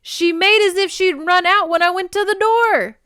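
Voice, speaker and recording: Woman playing a jumpy young scottish clansman, apologetic, high and loud, put-on brogue. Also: measured pace, clean tone, no echo, clean studio sound. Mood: defensive. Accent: attempted Scottish.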